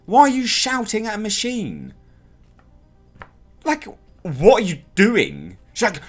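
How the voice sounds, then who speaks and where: A young man giving a casual, exasperated spoken review of a TV episode, ranting in an animated way. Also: high voice, slow, soft background music.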